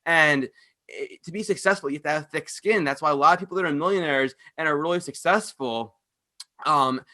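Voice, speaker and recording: Man, podcast host, fast but clearly pronounced, blunt, profane, forceful bright tone. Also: a little high. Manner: fast-talking, with clear pronunciation. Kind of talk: casual podcast rant.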